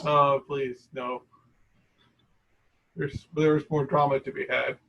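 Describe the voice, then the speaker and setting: A tabletop game player chatting playfully with soft asides. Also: medium pitch, level tone, takes it slowly, creaky, muffled recording, a little hiss or hum. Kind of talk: casual chat at a tabletop game.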